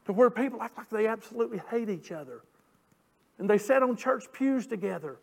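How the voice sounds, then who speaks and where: A pastor delivers a sermon from the pulpit. His voice sits notably high for a man. He leans on drawn-out scripture lines and builds his emphasis as he preaches. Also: lively intonation, vocal fry. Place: church sanctuary.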